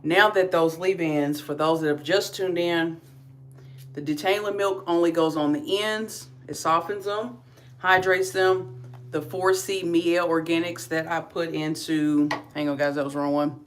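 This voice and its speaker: A woman's voice: lowish voice, fairly even intonation, unhurried. A middle-aged woman from Kentucky with a slight Southern drawl, chatting casually through a hair-care livestream. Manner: chatty, talks viewers through each step. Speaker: beauty vlogger.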